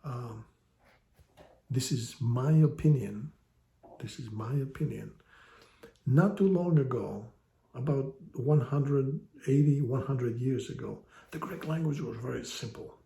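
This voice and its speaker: A man teaches a casual online lesson at an unhurried pace, his voice gravelly and mellow. He explains with wry, joking asides, and the sound carries the echo of a room. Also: medium pitch. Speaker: language teacher. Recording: echoey room.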